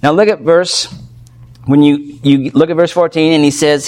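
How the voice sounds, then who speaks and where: A man's voice: fairly high pitch, fairly even intonation, normal speed, a little mellow. Earnest man preaching a verse-by-verse sermon. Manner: earnest, emphatic, checks in with frequent "okay?". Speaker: pastor. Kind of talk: expository sermon.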